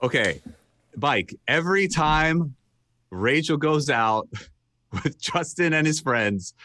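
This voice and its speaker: A man's voice: on the high side, expressive, slow pace, bright, forceful tone. A man co-hosting a casual podcast, joking in an easygoing way. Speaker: co-host, chiropractor.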